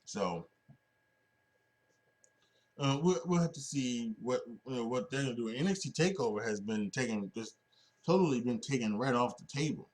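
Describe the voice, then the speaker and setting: A man's voice: mid-range voice, lively intonation, moderate pace, pauses often. Rambling man hosting a wrestling podcast. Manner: rambling, many restarts and fillers. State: sleepy, yawning. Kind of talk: casual solo podcast talk.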